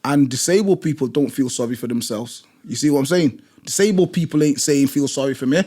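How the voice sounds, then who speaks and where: A British gym instructor tells stories with passion in conversation, blunt and emphatic, repeating phrases to drive his point home. His voice is fairly high, animated, brisk, and mellow.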